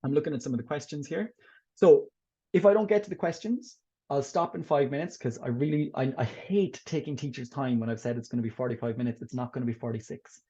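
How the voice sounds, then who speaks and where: A man presents a teaching workshop as a webinar, talking teachers through tips and answering their questions in an upbeat, encouraging way. His mid-range voice is mellow and fast, and the audio sounds dull.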